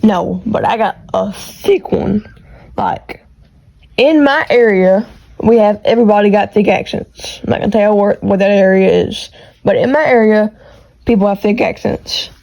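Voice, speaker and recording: A woman with a thick Texas country accent hosting her own podcast from her bedroom, talking quickly and rambling with restarts, recorded on earbuds and a phone. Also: mid-range voice, gravelly, a little mellow, poor audio. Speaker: podcast host. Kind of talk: casual solo podcast chat. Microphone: AirPods with iPhone recording.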